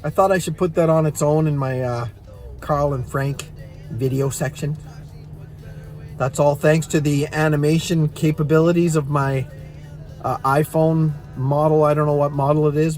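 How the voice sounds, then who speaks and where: A man's voice: a little high, fairly even intonation, moderate pace, darkish tone, soft background music. A middle-aged man in back pain, casually telling viewers a rambling, self-mocking story and chuckling at his own jokes. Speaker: vlogger and songwriter.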